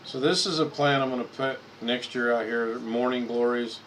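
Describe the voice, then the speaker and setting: A man's voice: medium pitch, fairly even intonation, normal speed, a bit bright, slight background noise, rough recording. A man hosting a casual live stream, rambling and repeating words as he clicks through photos at his computer.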